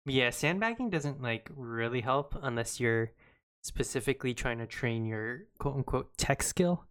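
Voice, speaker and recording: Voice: medium pitch, normal speed, fairly bright tone, clean tone, no echo. A podcast co-host with a mid-range voice, recorded dry and close. They ask curious questions in a casual, hesitant way, often laughing along. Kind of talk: casual chat.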